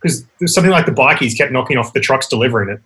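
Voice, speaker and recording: A man's voice: mid-range voice, expressive, rapid-fire, fairly bright tone. An Australian man chatting casually on a call and laughing often. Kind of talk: casual chat.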